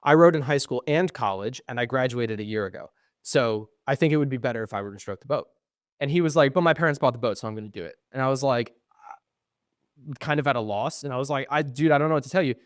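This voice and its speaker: A man's voice: medium pitch, fast talker, no echo, clean studio sound. A young man co-hosting a podcast, telling a long story with lots of ums and acting out what people said. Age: young adult. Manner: animated storyteller, acts out quoted exchanges, frequent ums; swears when frustrated. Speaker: podcast co-host. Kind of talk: casual storytelling chat.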